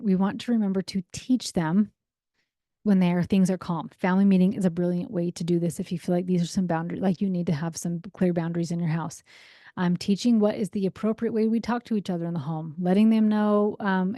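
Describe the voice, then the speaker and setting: A woman's voice: mid-range voice, warm tone, no echo, clean studio sound. A woman in her thirties hosting a parenting podcast, talking casually and often checking in with "right?" and "um". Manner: conversational, frequent "right?" and "um". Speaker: parenting coach and podcast host. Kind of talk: casual solo podcast talk.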